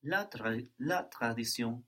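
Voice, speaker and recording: A man's voice: medium pitch, lively intonation, unhurried, fairly bright tone. A man acting as a student in a language lesson, giving short, tentative repeated answers.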